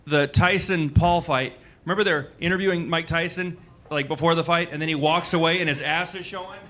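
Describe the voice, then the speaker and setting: A stand-up comedian in his forties performs a loose, conversational set on a comedy club stage before a live audience, sprinkling in lots of "likes" and asides. His voice is fairly high and bright, with a steady tone, a moderate pace and a forceful delivery.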